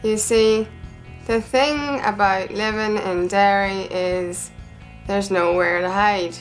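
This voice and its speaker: A woman playing a sixteen-year-old girl in an amateur film, wry in narration and shrill when she complains. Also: steady tone, slow pace, soft background music, lightly acted.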